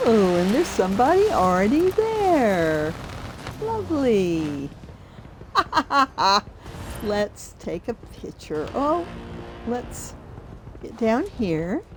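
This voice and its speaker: An older woman chats her way through a racing-game stream at an unhurried pace, her fairly high voice swinging widely up and down. She giggles often between remarks, with a faint hiss of background noise. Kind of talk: casual live-stream commentary.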